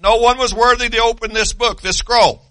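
A man's voice: very high-pitched, steady tone, moderate pace, a bit bright, no echo. An older man preaching a sermon in an emphatic, repetitive way, with many hesitations.

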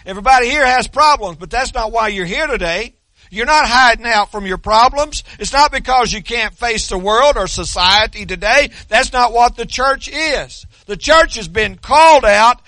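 Male pastor, sermon, high bright voice, folksy dry humor, dry close recording. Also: dry recording. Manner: folksy storytelling with dry self-deprecating humor; repeats and restarts words.

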